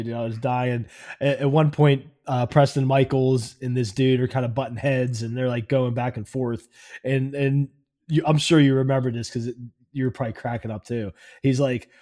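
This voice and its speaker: A man's voice: medium pitch, fairly even intonation, normal speed, dark tone. A man co-hosting a podcast, chatting casually and laughing while he reads out movie quotes. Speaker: podcast co-host. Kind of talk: casual chat, movie review.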